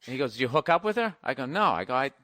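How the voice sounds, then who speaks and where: A man co-hosting a podcast, telling stories in a casual, animated, profane way. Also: medium pitch, rapid-fire, no echo, clean studio sound. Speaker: podcast co-host. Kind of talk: casual chat.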